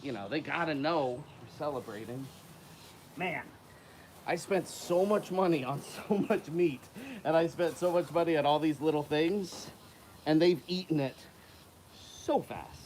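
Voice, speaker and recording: Speaking a little slowly, his voice on the high side, the man feeds alligators outdoors for his casual vlog. As keeper and channel host he stays animated, coaxing and calling the animals, while wind adds to a noisy recording.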